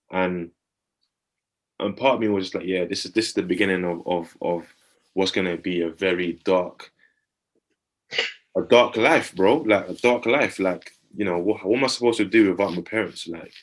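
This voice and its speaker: Low-voiced man sharing a personal story. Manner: earnest and reflective, often checks in with the listener. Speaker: podcast co-host. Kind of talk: casual podcast talk, personal storytelling.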